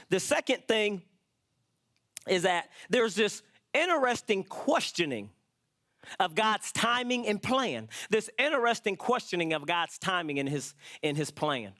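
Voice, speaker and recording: A man's voice: high-pitched, big pitch swings, a little slow, pauses often, pushed and bright. A man preaching a sermon in church as pastor, explaining scripture and acting out people's worried prayers.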